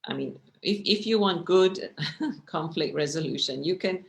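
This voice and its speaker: A woman's voice: low-pitched, unhurried, creaky. A woman teaching a communication class over a video call, talking conversationally and often checking in with the listeners. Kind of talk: online lecture with slides.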